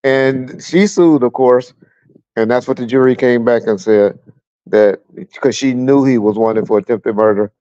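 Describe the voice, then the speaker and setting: The recording is muffled with slight background noise, carrying a steady, warm, mid-range male voice at normal speed. He's a middle-aged Southern Californian on a casual livestream at home, fan running, chuckling as he tells blunt, profane stories from his time as a cop.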